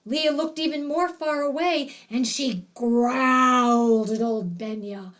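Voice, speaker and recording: Woman narrator for a picture book; bright, unhurried, highly expressive read. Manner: expressive, animated reading. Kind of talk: children's storybook narration.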